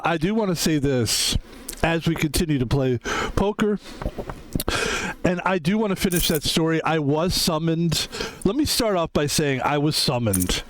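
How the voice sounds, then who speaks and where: Guy streaming poker, kinda high voice, rambly and self-mocking, says like a lot, faint hiss behind. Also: low-quality recording. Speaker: game streamer. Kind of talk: casual live-stream commentary.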